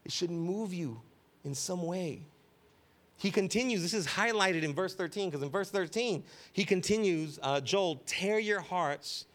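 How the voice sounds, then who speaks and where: A man's voice: sits high, a little slow, fairly bright tone. A man preaching a conversational sermon as pastor, joking with the congregation and repeating key phrases for emphasis. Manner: casual, joking, keeps asking "right?".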